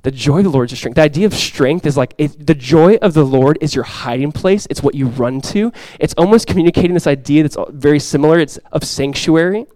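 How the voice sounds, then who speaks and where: A male pastor delivers a sermon in a fairly high voice, captured close and dry with little room sound. He preaches with passion, rising to loud, urgent lines and then falling back to a soft, quiet delivery. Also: fairly quick, few pauses, no echo. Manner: impassioned preaching, swells loud for quoted cries then drops soft. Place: church sanctuary before a congregation.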